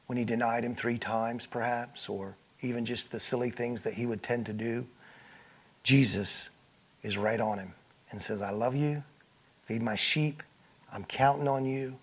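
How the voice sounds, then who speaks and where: A man's voice: mid-range voice, breathy edge. Man preaching with rising and falling force. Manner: dynamic preaching, from loud to hushed; acts out speakers in the scripture he reads. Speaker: pastor. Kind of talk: sermon.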